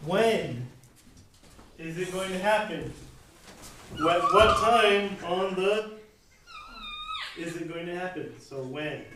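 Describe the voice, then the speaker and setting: A woman's voice: lowish voice, lively intonation, slow pace, long pauses. A woman teaching a casual class in a playful way, laughing often and acting out her examples. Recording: echoey noisy room from far off.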